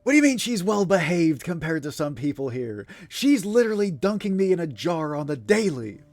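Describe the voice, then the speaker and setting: A man's voice: fairly high pitch, big pitch swings, normal speed, a little mellow, faint music behind. A man streaming live, chatting casually with viewers in a rambling way, full of fillers, frequent swearing and easy laughs. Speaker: livestreamer.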